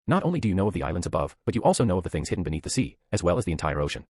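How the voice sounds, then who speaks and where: A man reads as a calm, enchanting woman spirit medium who guides a listener in soft, hypnotic tones. The voice sits very low and a touch husky, with a lively rise and fall. The sound is dry and close. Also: very fast, no echo, exaggerated voice.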